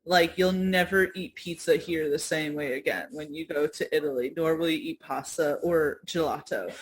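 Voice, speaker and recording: A woman's voice: low-pitched, steady tone, moderate pace, slightly rough, poor audio. New woman co-host, chatty, laughs a lot, swears casually. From New York. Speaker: podcast co-host. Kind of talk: casual chat.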